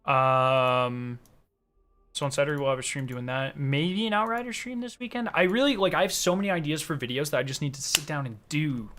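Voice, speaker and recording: Profane, excitable male gaming streamer. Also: on the high side, a little fast, faint music behind. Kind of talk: casual gaming stream chat.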